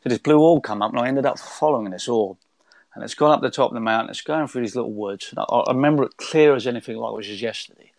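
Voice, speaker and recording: A man's voice: mid-range voice, fast talker, creaky, dry recording. Man telling a rambling spiritual story. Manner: rambling, with many restarts. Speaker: guest. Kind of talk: conversational storytelling.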